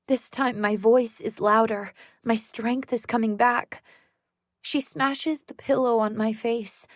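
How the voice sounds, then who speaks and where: Woman audiobook narrator, tense first-person thriller read, slow pace, dry sound. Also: a little high, no echo.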